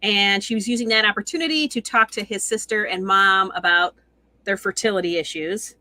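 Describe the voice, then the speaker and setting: A woman co-hosting a casual reality-TV recap chat, chatty and quick to laugh. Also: mid-range voice, sharp tone, no echo, low-quality recording. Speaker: co-host.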